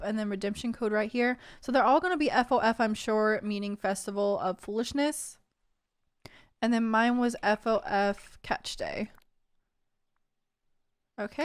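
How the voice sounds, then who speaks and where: Bubbly female gaming creator, giggly asides, higher voice, dry close mic. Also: dry recording. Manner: excitable, giggly, chatty asides to viewers. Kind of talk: casual gameplay commentary and reading in-game text aloud.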